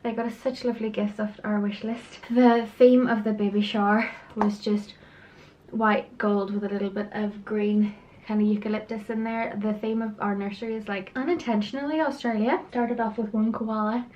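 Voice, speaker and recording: A woman's voice: mid-range voice, fairly even intonation, normal speed, darkish tone, muffled recording. A woman talking in a casual, chatty vlog. She is out of breath, often apologizes, and sighs and laughs as she talks. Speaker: vlogger.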